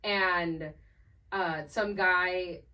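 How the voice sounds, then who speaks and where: Young woman podcast cohost, bright voice, kinda far from the mic, lots of likes and ums. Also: fairly low pitch, steady tone, very slow. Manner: rambling, many fillers and restarts. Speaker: podcast co-host. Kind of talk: casual chat.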